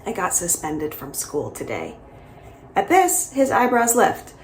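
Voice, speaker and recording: Expressive woman reading a novel aloud. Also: on the low side, measured pace, slight background noise. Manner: expressive, lively storytelling. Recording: roomy echo.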